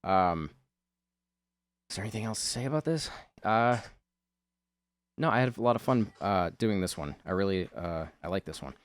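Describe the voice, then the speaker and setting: A man's voice: deep voice, animated, normal speed, long pauses, no echo, studio quality. A man giving rambling, chatty voice-over commentary on a video of his drawing, full of fillers.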